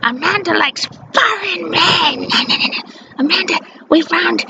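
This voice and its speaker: Woman imitating a sneering raging mother, shrill accusing rant, gravelly, muffled recording, noisy background. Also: slow pace, heavily acted. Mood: mocking, furious. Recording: muffled lo-fi with clear background noise.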